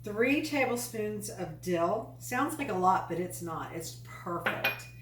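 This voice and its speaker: A woman's voice: mid-range voice, expressive, a little slow, background noise. A woman hosting a home cooking show, chatty and enthusiastic, with folksy asides while she demonstrates recipes. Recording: echoey room, mic at a distance.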